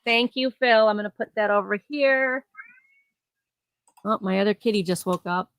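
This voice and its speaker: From home, close to her garage, a woman hosts a casual live auction, chatting about the items and laughing readily. She speaks at normal speed in a clear, resonant, mid-range voice, though the audio is poor.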